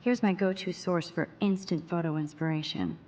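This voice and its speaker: A woman voicing a shy, introspective young photography student in a video game, murmuring her thoughts quietly to herself. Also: lowish voice, moderate pace, lightly acted. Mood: musing. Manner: quiet, self-mumbling inner monologue.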